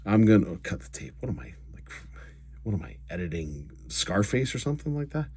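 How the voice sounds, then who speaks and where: A man's voice: lowish voice, sing-song, brisk, a little mellow, breathy edge, dry recording. A man hosting a casual hockey recap, ranting in a sarcastic, rambling way. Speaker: host.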